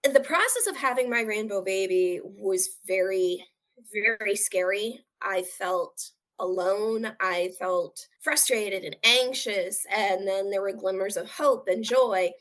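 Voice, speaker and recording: A woman's voice: medium pitch, takes it slowly, fairly bright tone. A woman telling a painful personal story as an interview guest, earnest and open, often acting out what others said. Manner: earnest, acts out quoted voices.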